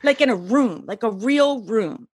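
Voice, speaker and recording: Animated woman telling a dramatic story. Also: on the high side, unhurried, husky, no echo, clean studio sound. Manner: lively, animated storyteller acting out quoted voices. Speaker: podcast guest. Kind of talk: storytelling in an interview.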